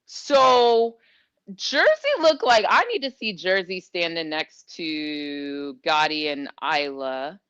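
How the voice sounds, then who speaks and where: A woman's voice: low-pitched, slow, a bit bright, smooth, no echo, dull audio. A woman co-hosting a casual basketball talk show, conversational and teasing, thinking aloud with fillers as she weighs a player. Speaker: podcast co-host. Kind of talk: casual sports chat.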